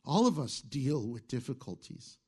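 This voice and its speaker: A middle-aged male pastor preaching a sermon in a conversational way, moving between hushed asides and emphatic lines, chuckling at his own jokes. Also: mid-range voice, big pitch swings, moderate pace, husky.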